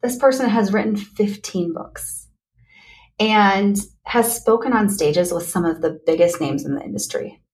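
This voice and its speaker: Woman, podcast host, motivational solo talk, candid, earnest, mid-range voice, quick bursts and slow stressed words. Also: mid-range voice, darkish tone.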